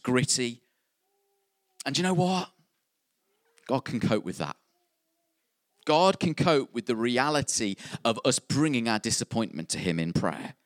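A man's voice: medium pitch, fairly bright tone, no echo, clean studio sound. A man preaching a sermon, earnest and repeating key phrases for emphasis.

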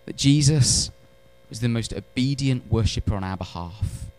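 A man preaching a sermon in church, animated, swinging between loud emphatic lines and hushed ones, with wry humorous asides. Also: mid-range voice, normal speed. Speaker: pastor.

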